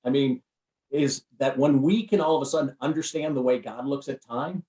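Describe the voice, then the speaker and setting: A man's voice: mid-range voice, normal speed, mellow. Man giving a pumped up motivational talk, lots of repeating himself, echoey room and kinda far off. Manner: preacher-like, repetitive, emphatic. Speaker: guest, recruiting firm CEO and speaker. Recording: roomy, off-mic sound.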